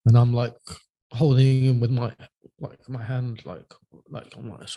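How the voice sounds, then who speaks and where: Guy telling a story on a podcast, halting, trails off, dry close sound. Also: mid-range voice, level tone, no room sound, muffled recording. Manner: halting and hesitant, often trailing off quietly. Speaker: podcast guest. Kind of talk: personal storytelling in a podcast interview.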